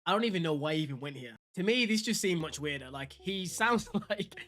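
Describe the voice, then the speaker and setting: Reacting to a clip on his fitness vlog, a man offers casual, opinionated commentary in a slightly high, fairly bright voice. He sounds animated, talks a little fast, and addresses his audience directly.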